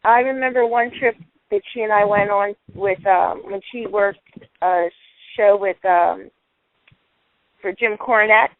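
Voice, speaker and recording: A woman's voice: mid-range voice, fairly even intonation, measured pace, no echo. A woman from New Jersey, a longtime friend and guest, telling chatty anecdotes on a call-in show. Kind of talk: casual storytelling on a phone-in show. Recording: tinny dry phone line.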